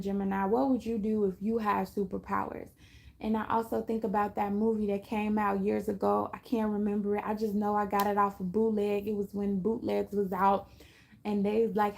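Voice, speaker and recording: A woman's voice: mid-range voice, flat delivery, moderate pace, creaky, a little mellow. A woman giving a casual spiritual talk to her viewers, chatty, often laughing and acting out little voices. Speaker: astrology reader.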